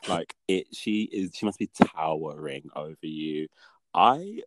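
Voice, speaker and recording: A man co-hosting a casual podcast, chatty and animated, laughing easily as he talks. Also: a bass voice, unhurried, no room sound. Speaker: podcast co-host. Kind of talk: casual chat.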